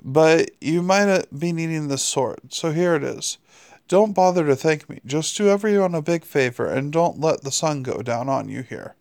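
A man's voice: fairly high pitch, moderate pace, creaky, darkish tone. Aziraphale: a man doing a fretful, fussy angel. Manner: anxious, apologetic.

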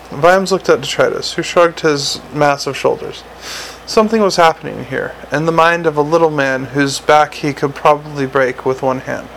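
A man narrates a novel in a gravelly, slightly raised voice. He reads steadily, correcting small slips as he goes. A faint hiss runs under the recording. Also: on the high side, moderate pace, a bit bright, rough recording. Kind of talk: audiobook narration.

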